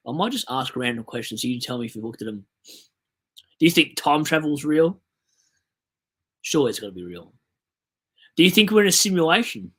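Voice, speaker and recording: A man's voice: medium pitch, a bit bright. A young Australian man hosting a casual livestream, chatting loosely, rambling and reading out viewer messages. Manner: chatty, rambling, reads chat aloud. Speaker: livestream host.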